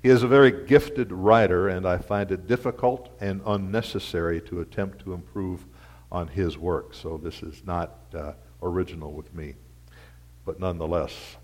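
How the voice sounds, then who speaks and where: A man preaching a sermon as pastor, in a slow, dramatic delivery that builds to loud rhetorical peaks and sinks to quiet asides. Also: low-pitched. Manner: repetitive, rhythmic preaching.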